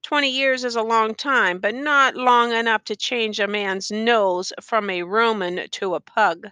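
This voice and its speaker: A woman's voice: a little high, fairly even intonation, unhurried, pushed and bright, smooth, no room sound. A woman voicing a boastful man from the West, waiting for an old friend, hearty and bragging. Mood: sharp.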